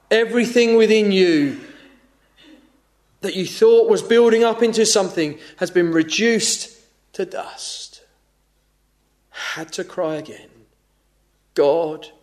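A man preaching an evening sermon, earnest and measured, often falling to a hushed, pleading tone. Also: sits high.

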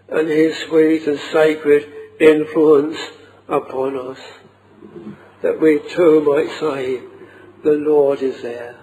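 Slow, mellow-voiced man preaching. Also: on the high side, low-quality recording. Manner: slow, earnest, archaic King James phrasing. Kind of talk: old-fashioned sermon.

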